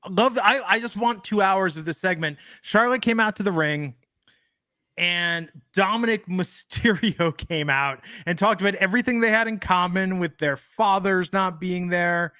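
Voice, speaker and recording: A man co-hosting a casual podcast, his voice bright and a touch high. He rambles through jokes and swears freely, recorded close on a mic with a dry sound. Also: moderate pace, no echo. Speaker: podcast co-host. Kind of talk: casual wrestling podcast chat.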